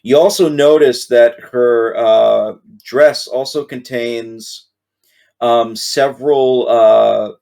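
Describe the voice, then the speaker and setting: A man narrating as game master of a tabletop game, pausing often with ums and uhs. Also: mid-range voice, fairly even intonation, vocal fry, mellow. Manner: slow, halting narration full of ums.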